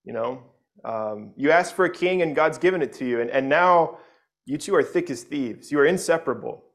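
A man's voice: a little high, expressive, normal speed. A male pastor preaching a sermon in a loose, conversational way, often restarting his phrases.

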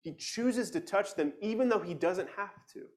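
Man teaching a Bible passage, fairly high voice. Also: expressive, normal speed. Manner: explains closely, reads scripture aloud, repeats words. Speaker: preacher.

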